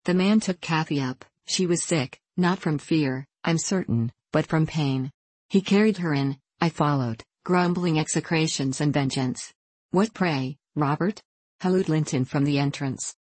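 A woman narrating a classic novel in a measured storytelling reading. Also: low voice, darkish tone, no room sound, poor audio. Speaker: audiobook narrator. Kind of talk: scripted narration.

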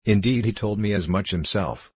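A jovial older locksmith with a deep, husky voice, read by a man. He teases and spins a story in good humour. The voice sounds dry and close. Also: normal speed, a little mellow, no echo. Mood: teasing. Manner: hearty, teasing storyteller.

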